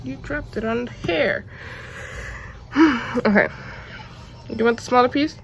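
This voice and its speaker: A woman vlogging at home, chatting casually to the camera and switching to high coaxing baby talk with her dog. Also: slow, vocal fry, a little hiss or hum.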